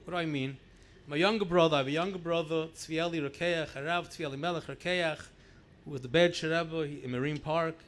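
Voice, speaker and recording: Middle-aged rabbi guy with a high voice, telling old family stories, keeps repeating words for emphasis. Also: a little fast. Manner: animated anecdotal storytelling, repeats words for emphasis. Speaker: rabbi sharing memories at a gathering. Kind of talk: storytelling speech.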